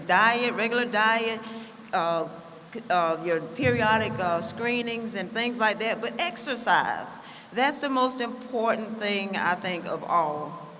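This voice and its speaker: A woman's voice: mid-range voice, bright, forceful tone, slight background noise. A woman giving a chatty, self-deprecating keynote speech at a conference, with lots of fillers. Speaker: keynote speaker. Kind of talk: public speech. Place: conference hall. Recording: hall reverb, faint ambience.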